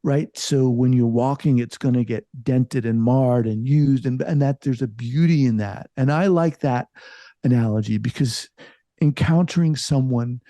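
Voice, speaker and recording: Middle-aged guy thinking out loud, lots of restarts, warm voice, dry sound. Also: mid-range voice, no echo. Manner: reflective, halting, many restarts, lively emphasis. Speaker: psychologist and podcast host, guest here. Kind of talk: casual interview conversation.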